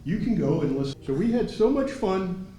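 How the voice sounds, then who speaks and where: A man moderating a dinner event, telling an anecdote in an animated way and acting out quotes. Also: high voice, normal speed. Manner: animated storyteller, acts out quotes. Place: large banquet hall. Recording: echoey hall, speaker far from mic.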